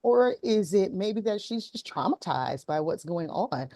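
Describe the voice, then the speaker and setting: A woman's voice: medium pitch, expressive, measured pace, mellow, no room sound, clean studio sound. A woman hosting a casual talk show, retelling a viral video with many ums. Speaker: host. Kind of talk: casual chat.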